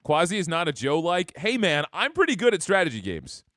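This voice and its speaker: A man's voice: fairly high pitch, huge pitch swings, brisk, a bit bright, no room sound, clean studio sound. A young man streaming a game live, chatting upbeat and casually with his viewers while he plays. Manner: upbeat, chatty, talks to chat. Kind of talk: live gameplay commentary.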